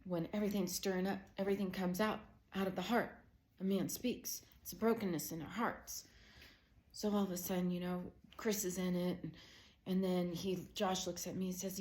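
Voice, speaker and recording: A middle-aged woman tells a family story in a low-pitched, conversational voice. She speaks as a Christian counselor giving personal testimony, with plenty of "you know" and "um" fillers. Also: steady tone, moderate pace, darkish tone. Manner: conversational storytelling, growing emotional.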